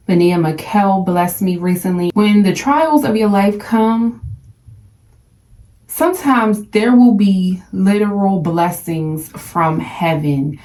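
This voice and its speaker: A young woman vlogging a perfume unboxing, gushing and excited, stumbling over brand names. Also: on the low side, a little hiss or hum. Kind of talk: casual unboxing vlog. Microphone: phone.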